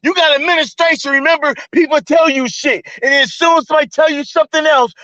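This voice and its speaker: A man's voice: extremely high pitch, sharp tone, no room sound. A man hosting a livestream, ranting in a profane, mocking way with heated energy. His voice comes through dull, lo-fi stream audio. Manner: profane, fast-talking, mocking. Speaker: streamer host.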